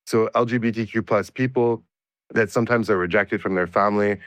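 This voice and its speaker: A male researcher answers interview questions in a measured, explanatory way, often restarting his sentences. His voice sits low and the recording is dry and close, with no room around it. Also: fairly even intonation, fairly bright tone, dry recording, muffled recording. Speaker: researcher guest.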